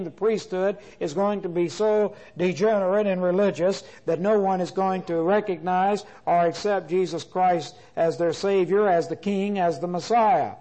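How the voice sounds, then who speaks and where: High-voiced man teaching a Bible class. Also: warm tone, poor audio. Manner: deliberate, repeats and restates points, frequent "uh" fillers.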